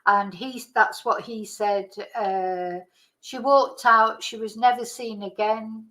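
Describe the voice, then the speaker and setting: A woman talks through a news case on her channel and reads articles aloud. She speaks slowly and hesitantly and trips over hard names. Her voice sits a little high. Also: steady tone, bright, forceful tone, low-quality recording. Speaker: channel host. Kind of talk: casual commentary, reading articles aloud.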